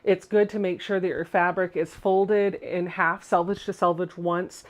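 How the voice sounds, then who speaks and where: A woman's voice: fairly low pitch, little pitch movement, moderate pace. A woman from Virginia hosting a casual sewing tutorial on a livestream from her home sewing room. She is chatty, laughs easily, and corrects her wording mid-sentence. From Virginia, USA. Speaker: sewing channel host.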